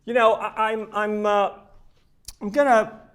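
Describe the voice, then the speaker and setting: A man addresses a conference audience in a live keynote speech. His voice sits somewhat high for a man, and his delivery is emphatic yet conversational, with frequent repeated words as he builds his points. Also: level tone, unhurried, fairly bright tone. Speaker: keynote speaker for a research charity. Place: conference stage before an audience.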